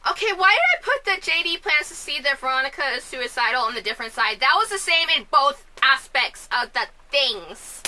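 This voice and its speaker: Woman vlogger at home, high bright voice, rambling and excitable. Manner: chatty, scatterbrained, quick bursts of loud outrage. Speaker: film and musical reviewer. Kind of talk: casual vlog commentary. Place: at home, family asleep next door.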